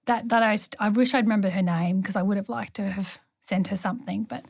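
A woman's voice: mid-range voice, steady tone, fast, gravelly, slightly rough, dry recording, studio quality. Earnest woman nurse telling stories. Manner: warm storytelling, earnest. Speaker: neonatal nurse practitioner, guest. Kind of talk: conversational interview.

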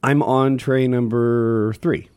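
A man's voice: mid-range voice, fairly even intonation, slow pace, darkish tone, clean tone, dry recording, studio quality. A man on a casual podcast explaining something in a chatty way, with many fillers. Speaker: podcast co-host. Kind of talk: casual chat.

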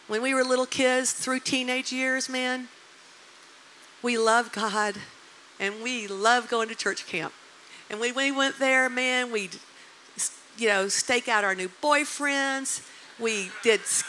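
A woman in her sixties delivers a sermon as an animated storyteller. Her voice is bright and slightly high. A faint hum of noise sits behind her. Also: low-quality recording. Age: 60s. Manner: animated storyteller, emotional and emphatic. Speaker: preacher.

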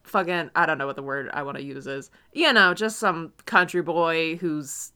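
Bright, animated young woman co-host. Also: low voice, normal speed, clean tone. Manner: animated, swearing, laughing often. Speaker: podcast co-host. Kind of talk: casual chat reviewing a TV episode.

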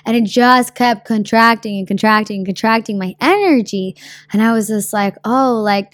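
A young woman giving a casual motivational talk about her own story, energetic and slangy, swearing freely and acting out what people say. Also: medium pitch, no room sound, clean studio sound. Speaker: speaker sharing a personal story.

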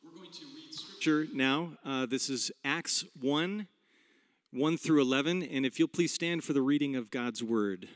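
A man reading scripture aloud to a congregation in a measured way. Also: mid-range voice. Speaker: scripture reader. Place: church sanctuary.

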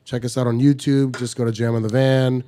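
A man's voice: mid-range voice, flat delivery, fairly quick, dark tone. A man, a comedian hosting a podcast, chatting casually, playful and joking, then wrapping up the show with plugs.

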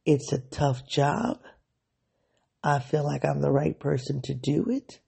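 Podcast host, candid diary monologue, thinking aloud; gravelly, dark delivery. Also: medium pitch, little pitch movement, a little slow. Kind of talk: reflective solo diary podcast.

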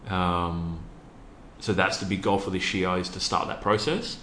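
A man's voice: low voice, fairly even intonation, measured pace, sharp tone, echoey room, a little hiss or hum. A man with an Australian accent speaking in an interview, earnestly telling a personal story with many ums. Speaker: interview guest, youth program founder.

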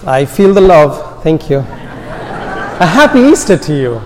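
A man with an Indian American accent preaching an Easter sermon in a church, slow and deliberate, letting his phrases trail off softly. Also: fairly high pitch, sing-song, a crowd in the background, noisy background. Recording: long reverb of a large hall.

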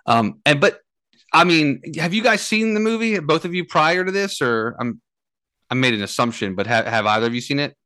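Man, bright voice, halting film podcast chat, dry close mic. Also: a little high, expressive, dry recording. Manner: halting, filler-heavy. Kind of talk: casual film discussion.

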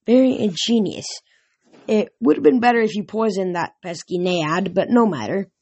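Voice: medium pitch, normal speed, darkish tone, husky, no echo, muffled recording. Reader doing smug villain rancher, oily and condescending, storybook reading, dry sound. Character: smug, cruel male rancher giant.

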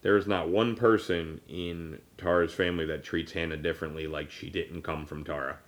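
A man's voice: sits low, steady tone, moderate pace. A man in his thirties hosting a casual podcast, rambling with many fillers and restarts, and at times choked up. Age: 30s. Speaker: podcast host. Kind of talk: casual personal conversation.

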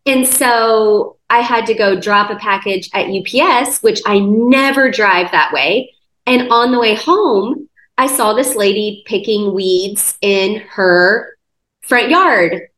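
A woman recounting a personal story as a podcast guest, chatty and animated, peppering her sentences with "like." Her voice sits mid-range and carries a noticeable roomy echo. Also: mid-range voice, takes it slowly. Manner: lively retelling with many "like" fillers. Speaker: guest sharing a testimony. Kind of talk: conversational storytelling.

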